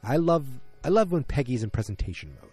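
A man's voice: medium pitch, sing-song, a little fast, mellow, breathy edge, soft background music. A man casually recapping a TV episode, rambling and correcting himself mid-sentence in loose, slangy talk.

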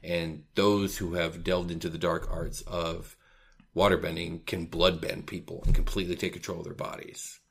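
A man co-hosting a podcast, talking in a casual, animated way and riffing on fantasy ideas, with the odd curse. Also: deep voice, normal speed, gravelly, husky. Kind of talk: casual chat.

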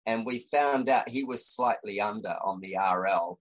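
Australian man, low voice, rambling, casual storytelling, fillers and restarts. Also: moderate pace, few pauses, low-quality recording. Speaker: guest, designer.

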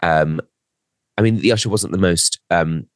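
Low-voiced man telling a rambling story. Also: normal speed, no echo, clean studio sound. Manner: rambling storyteller, self-mocking, trails off. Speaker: podcast co-host. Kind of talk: casual chat.

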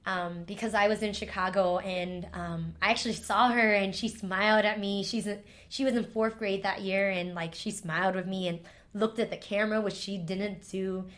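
A woman's voice: medium pitch, steady tone, normal speed, fairly bright tone. A woman, a former teacher, telling a heartfelt personal story in an interview, emotional and full of "like" fillers.

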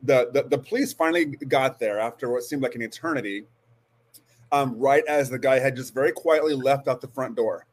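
A man in his forties speaks as a guest in an interview, earnest and halting. He restarts his sentences often and settles into a steady, medium-pitched voice. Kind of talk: storytelling interview.

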